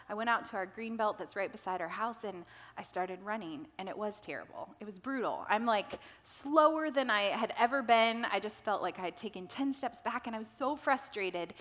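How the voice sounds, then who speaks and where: A woman pastor delivers a sermon in a bright, slightly high voice. She tells her story in a lively, chatty way, tossing asides to the congregation. Her words ring out with a long reverb from a large church hall. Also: moderate pace.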